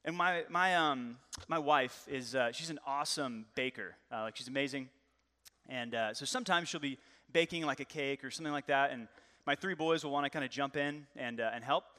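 A man in his thirties, a pastor preaching a lively, joking, conversational sermon. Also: medium pitch, fairly quick. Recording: long hall reverb.

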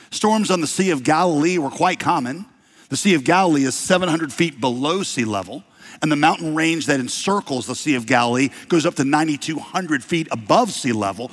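A man preaching a sermon, telling the story with big swings from quiet asides to shouted lines. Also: a little high. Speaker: pastor. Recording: long hall reverb.

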